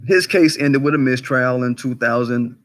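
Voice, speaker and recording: In a mid-range voice at a moderate pace, a commentary channel host chats his way through a laid-back livestream. He keeps things lively, curses without holding back, asks question after rhetorical question, and greets people in chat by name.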